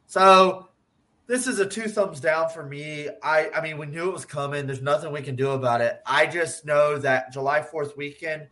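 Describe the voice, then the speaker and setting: A man co-hosting a podcast, talking in a casual, animated way, swearing often and laughing. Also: a little high, normal speed. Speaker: podcast co-host. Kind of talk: casual profane chat.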